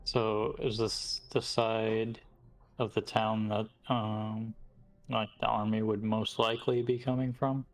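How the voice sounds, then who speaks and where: Male tabletop player, low, gravelly, deliberate. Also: level tone. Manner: deliberate, questioning. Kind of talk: tabletop game play.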